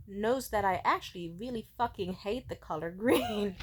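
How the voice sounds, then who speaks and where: A young woman talks straight to her viewers in a loose, profane, animated way, telling stories and acting out what other people said. Her voice sits at a middle pitch for a woman. Her delivery is expressive and unfiltered. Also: moderate pace, few pauses, husky. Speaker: vlogger. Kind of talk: casual storytelling.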